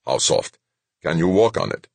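A man's voice: deep voice, very animated, normal speed, creaky, darkish tone, husky, dry recording, exaggerated voice. A man voicing a harsh, impatient male military commander who barks orders. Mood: commanding. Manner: barking, commanding.

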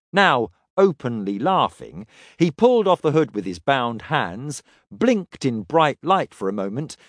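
Expressive male audiobook narrator. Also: mid-range voice, no echo, studio quality. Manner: expressive, dramatic storytelling. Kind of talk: scripted fiction narration.

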